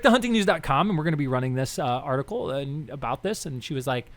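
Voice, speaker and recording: Co-hosting a casual podcast about politics, a young man talks quickly with few pauses, in a voice a little high for a man. He rambles and restarts, bringing the people in his stories to life with lively quoted dialogue.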